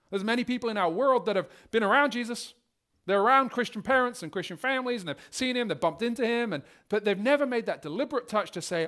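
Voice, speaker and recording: A male pastor with a fairly high voice preaches a sermon at a fast clip, telling stories and acting out each scene in an animated way.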